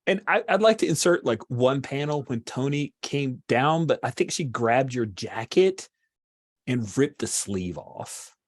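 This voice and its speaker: A man's voice: medium pitch, lively intonation, measured pace, dry recording, clean studio sound. A man narrating as game master for a tabletop superhero game, chatty and enthusiastic.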